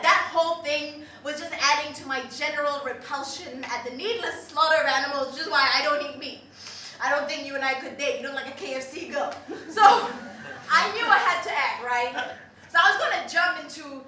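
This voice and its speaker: A woman playing a foul-mouthed young zookeeper rants a story in a high, sharp voice. Her talk is animated and laced with swearing. It is captured from far off in a very echoey hall with faint hiss. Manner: ranting, profane, animated storytelling with laughs. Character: profane, restless young zookeeper ranting a story. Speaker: stage performer. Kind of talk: theatrical monologue.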